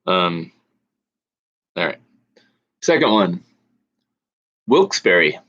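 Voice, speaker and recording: A man hosting an online trivia night, reading out questions slowly with pauses and fillers. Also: low-pitched, animated, a bit bright. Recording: dull lo-fi audio.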